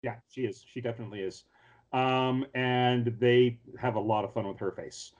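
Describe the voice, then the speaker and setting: A man in casual podcast chat, recapping anime scenes in a rambling, filler-heavy way. He slips into little acted-out lines as he tells the story, at an everyday middle pitch. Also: fairly even intonation, moderate pace, a little mellow, dull audio. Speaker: podcast co-host.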